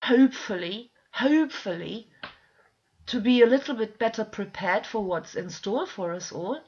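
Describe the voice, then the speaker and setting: Exasperated woman ranting, high voice. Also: animated, normal speed, a little mellow. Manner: exasperated, pleading, swears often. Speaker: vlogger. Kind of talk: emotional direct-to-camera rant. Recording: dull lo-fi home video sound.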